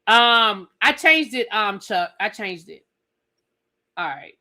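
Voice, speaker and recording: A woman's voice: medium pitch, animated, slow pace, bright, forceful tone. A woman hosting a live reality TV review stream, chatty and sassy, talking straight to her viewers. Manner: chatty, sassy, addresses viewers as girl and y'all.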